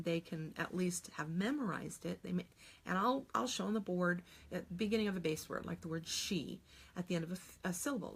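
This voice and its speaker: Low gravelly husky woman teaching phonics. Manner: patient, explains step by step, models sounds aloud. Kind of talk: instructional video lesson.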